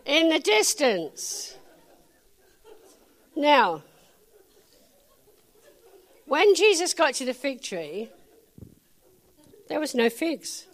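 A woman's voice: high-pitched, sing-song, drawn-out words, long pauses. A woman preacher giving a chatty sermon, laughing often and adding playful asides.

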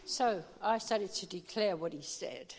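A woman's voice: medium pitch, unhurried, breathy edge. Female preacher, mid-range voice, jokey and conversational, punches key lines; long hall reverb. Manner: humorous and chatty, with emphatic declarations. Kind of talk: informal sermon.

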